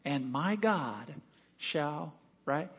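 A man's voice: a little high, lively intonation, drawn-out words, fairly bright tone, husky. A male pastor preaching a sermon, emphatic, repeating phrases and calling on the congregation to respond.

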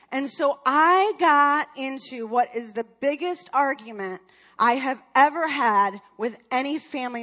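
High-voiced woman telling a church story. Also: pushed and bright. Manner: chatty, rambling with many fillers and restarts. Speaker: speaker at a church. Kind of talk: personal story in a sermon.

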